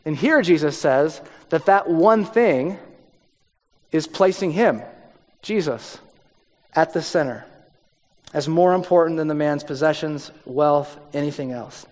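A man preaching a sermon in a conversational way, dropping his voice low for emphasis. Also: a little slow, long pauses. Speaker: pastor. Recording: long hall reverb.

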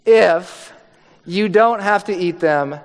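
A man's voice: high-pitched, slow pace, in a large hall. A male pastor giving a conversational, joking sermon.

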